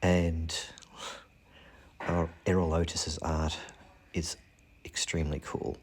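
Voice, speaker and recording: A man's voice: extremely low pitch, flat delivery, takes it slowly, darkish tone, husky. A man casually talking through fantasy monster art, joking and making puns along the way. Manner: jokey, punning, self-deprecating. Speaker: channel host.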